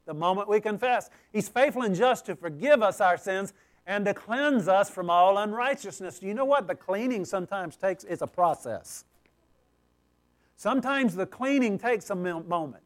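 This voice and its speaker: A man with a high voice preaching a sermon. He speaks emphatically, turns to the crowd with frequent "okay?" checks, and moves between raised, pleading lines and soft, low asides. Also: expressive, normal speed. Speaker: pastor.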